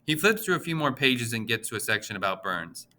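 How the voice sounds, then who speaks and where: A man reading a children's novel aloud as the audiobook narrator, in an even storytelling manner. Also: medium pitch, a little fast.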